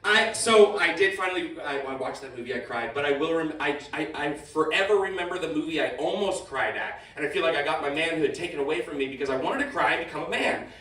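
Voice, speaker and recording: A young man doing a stand-up set, rambling and interrupting himself, swinging from mumbles to shouts. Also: fairly high pitch, quick pace, few pauses, roomy sound, distant mic, rough recording. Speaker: stand-up comedian. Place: comedy venue with live audience.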